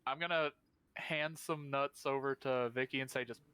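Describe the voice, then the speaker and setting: A man's voice: medium pitch, fairly even intonation, moderate pace, a crowd in the background. A man playing a tabletop game with friends, chatty and laughing often. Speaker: player. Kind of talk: casual tabletop game chat.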